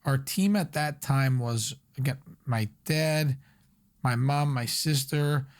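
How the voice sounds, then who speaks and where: A young man from Long Island talks as a guest on a podcast. He is an energetic storyteller and fills his sentences with loose fillers as he recounts his restaurant years. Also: medium pitch, slow pace. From Long Island, New York. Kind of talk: casual podcast interview.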